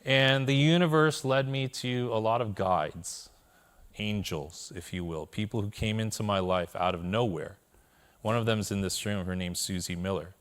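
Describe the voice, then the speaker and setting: A man's voice: fairly low pitch, a bit bright, clean tone. A man telling his personal story to a live audience in a keynote talk, with candid, self-deprecating humor, often checking in with the listeners. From Korea. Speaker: conference speaker.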